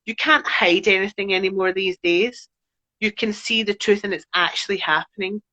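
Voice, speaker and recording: A woman's voice: medium pitch, normal speed, bright, forceful tone. A Scottish woman from Glasgow speaking earnestly and reflectively in casual conversation as a podcast guest. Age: adult parent. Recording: dull lo-fi sound.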